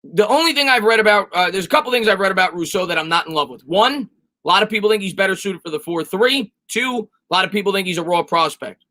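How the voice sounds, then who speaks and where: Bright-voiced sports streamer answering chat. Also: male voice, high-pitched, animated, quick pace. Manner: chatty, reads and answers chat comments. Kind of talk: live-stream chat reading.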